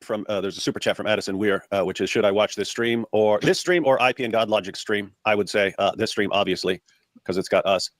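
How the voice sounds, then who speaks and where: A man's voice: lowish voice, fast talker, no echo. An American man co-hosting a reaction stream, rambling casually with many restarts and fillers. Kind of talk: casual panel chat.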